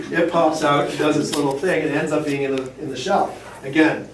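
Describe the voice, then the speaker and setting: A man's voice: on the high side, fairly even intonation, a little fast, crowd noise. A man who shucks oysters, giving a rambling, jokey hands-on talk to shop staff and acting out little quotes as he goes. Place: fish shop, indoors. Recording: roomy, distant camera, faint hum.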